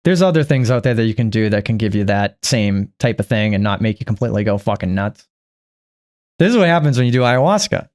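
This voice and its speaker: A man's voice: on the low side, animated, fast, a little mellow. A man hosting a reaction video, giving sarcastic commentary that is full of swearing. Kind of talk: casual commentary.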